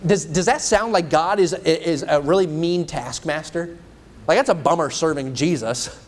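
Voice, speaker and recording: A man's voice: on the high side, moderate pace. A male evangelist preaching a sermon in a church. He asks the congregation many rhetorical questions.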